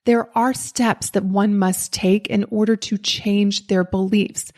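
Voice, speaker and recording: Female podcast host with a faint Southern US accent. Lively, personal motivational delivery at a middle pitch. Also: slow. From Southern United States. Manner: lively storytelling, acts out quoted voices. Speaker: podcast host and life coach. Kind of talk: motivational talk with personal story.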